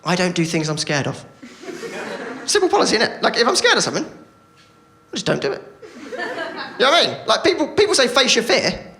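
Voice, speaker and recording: A man doing self-deprecating stand-up, rambling along with lots of stammered restarts. His voice is gravelly and his pitch swings widely. It is a live theatre recording with clear background noise. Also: huge pitch swings, brisk, long pauses. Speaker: stand-up comedian. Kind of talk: stand-up comedy. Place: London theatre stage.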